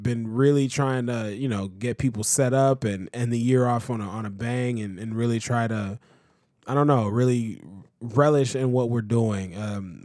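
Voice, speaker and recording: A man's voice: mid-range voice, darkish tone, no echo. Man, podcast co-host, casual banter, exasperated, laughing, dry close mic. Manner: exasperated, laughing through protests. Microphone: podcast microphone.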